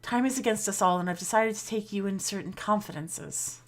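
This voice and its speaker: An actress playing a commanding, secretive elderly professor in video game dialogue, speaking with grave, measured authority. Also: female voice, mid-range voice, close to an everyday voice.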